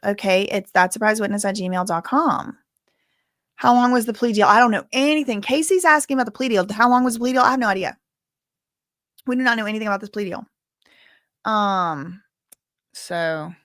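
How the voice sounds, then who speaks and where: On a live stream, a woman casually updates viewers about a court hearing and reads their comments aloud, using lots of filler words. Her mid-range voice is a bit bright, and the recording is dry with clean studio sound.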